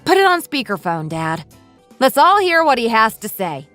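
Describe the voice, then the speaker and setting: A woman's voice: a little high, very animated, moderate pace, fairly bright tone, soft background music. A woman voicing a caring adult daughter in a voice-acted text story, speaking emphatically. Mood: worried.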